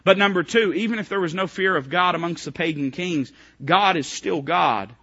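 Male pastor, fiery sermon delivery, bright forceful voice, slightly lo-fi recording. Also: normal speed, breathy edge. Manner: impassioned preaching, swinging from loud high calls to low hushed lines; asks the congregation direct questions.

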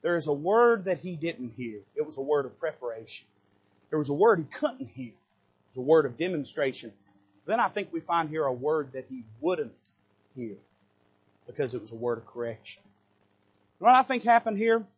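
A man preaching a sermon from a church pulpit, moving between quiet asides and loud, rising bursts of passion. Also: fairly high pitch, very animated, normal speed, long pauses, husky, lo-fi sound. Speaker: pastor. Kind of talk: fiery sermon.

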